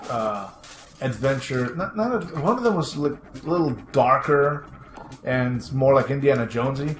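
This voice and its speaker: A man chatting casually while playing a game, rambling excitedly, laughing often and swearing casually. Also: medium pitch, normal speed. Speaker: co-host of a retro gaming show. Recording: echoey room with faint background noise.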